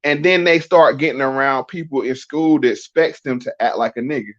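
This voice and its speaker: A man's voice: medium pitch, brisk, fairly bright tone. A middle-aged man in a casual podcast conversation, explaining emphatically and often asking rhetorical questions. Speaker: podcast guest. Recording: dull lo-fi sound.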